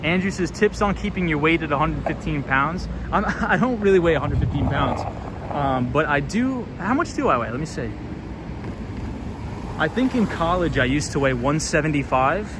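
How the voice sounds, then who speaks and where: A young man with a fairly high voice chats through a casual street livestream, reading out viewer comments and answering them in an easy, upbeat way. Loud traffic and city noise run steadily under his voice throughout. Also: animated, moderate pace. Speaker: livestream vlogger. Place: outdoors on city streets at night. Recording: street noise behind a loud outdoor stream. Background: loud traffic and city ambience.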